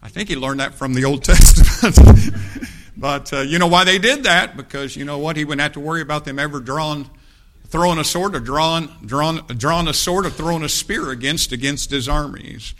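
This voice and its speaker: A man's voice: fairly high pitch, a little fast, fairly bright tone, slight background noise. A man preaching a folksy, joking sermon to his church. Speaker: pastor. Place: church sanctuary. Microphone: church microphone.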